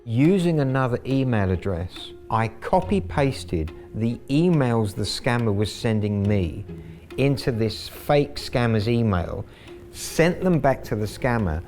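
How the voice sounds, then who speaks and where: A middle-aged man recounts how he strung a con artist along, wry and gleeful. His voice sits on the low side. Faint music plays underneath. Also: lively intonation, measured pace, a little mellow. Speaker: scambaiter. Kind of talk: storytelling interview.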